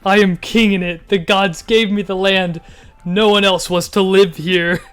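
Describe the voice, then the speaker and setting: A man reading out the lines of a self-important short fat king in a text adventure, slow and solemn. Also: sits high, fairly even intonation, a bit bright, clear, resonant tone.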